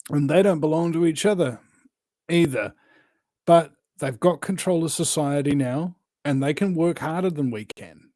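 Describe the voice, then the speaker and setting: A man's voice: on the high side, mellow, no room sound. Rambling New man, dry sound. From New Zealand. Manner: rambling, emphatic, with many fillers and restarts. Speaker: guest. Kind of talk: casual conversation.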